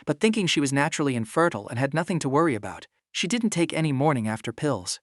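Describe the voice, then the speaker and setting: A man narrating a drama recap in second person, steady and smooth. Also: a little high, fast talker, dry recording, clean studio sound.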